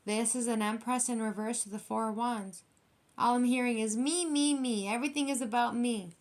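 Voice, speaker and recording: A woman reading tarot cards in a loose, chatty way, her voice sitting a little high. She is blunt and swears freely, pressing her points hard as she talks straight to the viewer. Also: fairly even intonation, moderate pace, slight background noise. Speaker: tarot reader.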